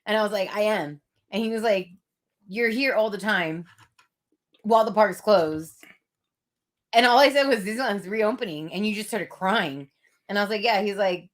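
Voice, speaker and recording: A young adult woman co-hosting a casual chat stream, telling stories with fillers and giggles. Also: mid-range voice. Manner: chatty storyteller, giggly, many fillers. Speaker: co-host.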